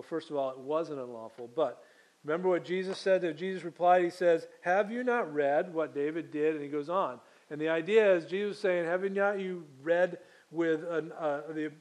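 A man's voice: fairly high pitch, steady tone, moderate pace, a little mellow. A man preaching a sermon, reading scripture aloud and then teaching it with frequent fillers and restarts. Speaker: pastor.

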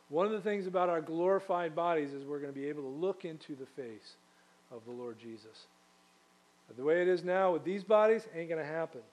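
Conversational male preacher, fairly high voice. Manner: conversational preaching with rhetorical questions and asides. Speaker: pastor. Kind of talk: sermon.

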